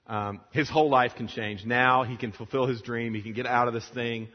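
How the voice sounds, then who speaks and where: A man preaching a sermon to fellow preachers, retelling a film scene with lively acted-out dialogue before closing in prayer. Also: medium pitch, normal speed. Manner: animated storytelling, acting out the dialogue. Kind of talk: sermon to pastors. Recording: lo-fi sound in a long-echo hall.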